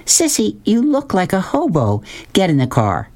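A man voicing a fussy, high-strung mother who scolds her daughter in a storybook reading. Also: wildly swooping pitch, normal speed, darkish tone, full character voice. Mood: exasperated. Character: fussy, exasperated Southern mother in heels.

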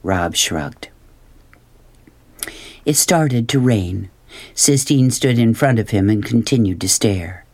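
Man narrator for an audiobook: measured, unhurried storytelling, plain reading voice. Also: on the low side, animated, darkish tone. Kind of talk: scripted narration.

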